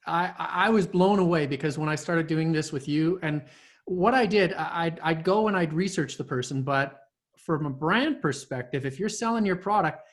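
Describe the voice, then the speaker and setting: A man hosting a casual interview, talking in a halting way with many fillers and restarts. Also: on the high side. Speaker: host.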